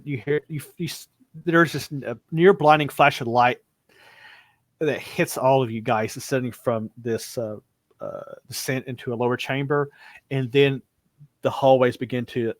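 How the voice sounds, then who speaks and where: A man's voice: medium pitch, no echo. A man narrating a tabletop horror game as game master, telling the story in a loose, improvised way. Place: home streaming setup.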